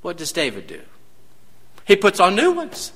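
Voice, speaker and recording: A man's voice: sits high, wildly swooping pitch, normal speed, fairly bright tone, in a large hall. A man preaching a sermon, dramatic and full of rhetorical questions to his congregation. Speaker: pastor.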